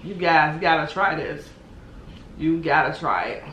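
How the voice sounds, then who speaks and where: A woman's voice: low-pitched, measured pace, fairly bright tone, highs cut off, a little hiss or hum. Chatty woman eating on camera, echoey room. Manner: chatty, playful, mouth full, humming between bites. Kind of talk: casual mukbang chat.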